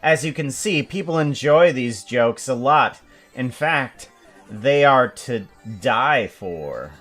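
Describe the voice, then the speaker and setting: A man's voice: medium pitch, lively intonation, slow, a bit bright, faint music behind. A man thinking aloud as he plans an animation, musing and correcting himself with many fillers. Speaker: animator planning a script. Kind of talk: thinking aloud while working.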